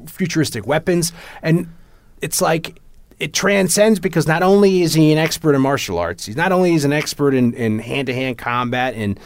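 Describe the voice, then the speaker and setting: A man in casual chat, excitedly retelling movie scenes and acting out the lines, laughing often and restarting his sentences. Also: fairly high pitch, normal speed, dry recording.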